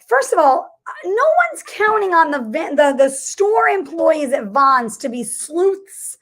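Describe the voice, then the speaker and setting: A woman's voice: high-pitched, very animated, takes it slowly. A woman co-hosting a comedy podcast, telling stories in an emphatic, indignant way. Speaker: podcast co-host. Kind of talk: comedic casual chat.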